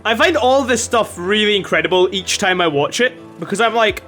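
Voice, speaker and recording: A man's voice: high voice, lively intonation, a little fast, few pauses, pushed and bright, soft background music. A man hosting a casual reaction vlog, chatty, laughing often and swearing mildly. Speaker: YouTube host.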